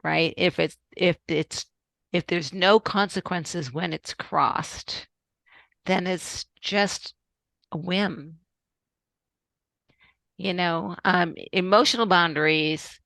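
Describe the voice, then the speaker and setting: A woman's voice: lowish voice, slow, gravelly, pauses often, a bit bright, no echo. A woman hosting a podcast interview, talking casually in a coaching tone and often saying "right" and "you know". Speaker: podcast host.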